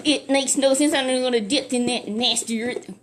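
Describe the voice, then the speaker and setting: A woman's voice: on the high side, animated, unhurried, darkish tone, slight background noise. A woman doing an indignant proud old-time general. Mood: disgusted. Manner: indignant, boastful. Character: proud, offended male army general.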